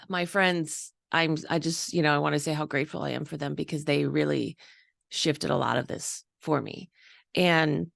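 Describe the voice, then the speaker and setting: Gravelly-voiced woman around fifty, chatty. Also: medium pitch, fairly bright tone, no echo, clean studio sound. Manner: chatty, open, laughs often, quotes her own thoughts. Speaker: host. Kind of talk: candid personal monologue. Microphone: video call.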